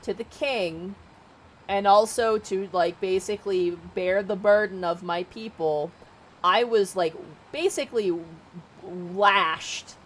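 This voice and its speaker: A woman's voice: on the low side, fairly bright tone, slight background noise. A woman streamer casually recapping a novel on a livestream, rambling with lots of fillers and casual swearing.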